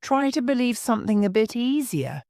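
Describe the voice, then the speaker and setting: A woman voicing a fussy, scatterbrained old queen who talks in a high, fluttery way and breaks into wailing cries. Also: sing-song, normal speed, darkish tone, dry recording, clean studio sound.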